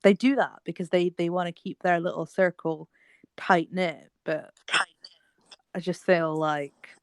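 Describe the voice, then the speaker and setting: A woman's voice: on the low side, fairly even intonation, unhurried, clean tone, dry recording. A young British woman chatting casually in a group livestream, blunt and exclamatory, swearing freely into a phone mic. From United Kingdom.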